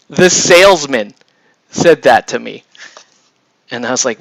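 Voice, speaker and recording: A man's voice: mid-range voice, lively intonation, unhurried, creaky, pauses often, fairly bright tone, no room sound. A man casually telling a long personal story while painting, rambling with many restarts and tag questions. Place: home hobby room.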